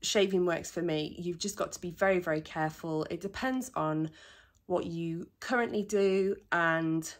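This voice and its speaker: A young British woman sharing competition tanning tips in a chatty, self-mocking talk to camera, a little out of breath. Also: fairly low pitch. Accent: British English. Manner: chatty, self-mocking asides, quick laughs. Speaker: bodybuilding competitor and vlogger.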